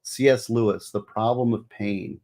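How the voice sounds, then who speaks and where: A man's voice: lowish voice, fairly even intonation, normal speed, darkish tone. A middle-aged man, a former prosecutor, giving earnest advice in casual talk, lecturing with many restarts. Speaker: former juvenile prosecutor, guest.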